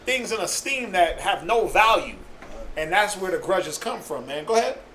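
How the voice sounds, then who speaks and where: A man talking with a very high, lively voice in an impassioned group discussion. He acts out the people he quotes and laughs often. The tone is bright and forceful. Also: moderate pace, a little hiss or hum, poor audio. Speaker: discussion participant.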